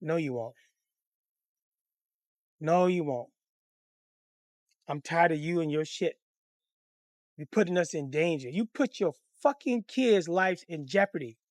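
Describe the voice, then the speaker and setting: A man's voice: on the high side, a little slow, pauses often, dry recording, studio quality. A man voicing a fed-up mother who speaks curtly and sternly to her husband. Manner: curt, flat, stern.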